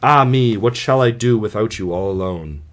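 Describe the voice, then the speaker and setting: For a homemade audiobook, a man sincerely portrays a mourning king without altering his mid-range voice. He reads at a normal pace with light acting.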